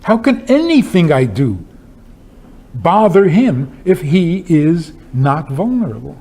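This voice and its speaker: Speaking slowly but very animatedly, a man with a slightly high, husky voice and a darkish tone delivers a rabbi's talk. He mixes humorous storytelling with pointed rhetorical questions in an emphatic, wry style.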